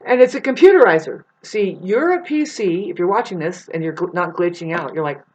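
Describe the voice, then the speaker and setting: A woman vlogger rambling through a profane spiritual monologue, swinging from soft to loud. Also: fairly low pitch, sing-song, normal speed, slightly rough, highs cut off.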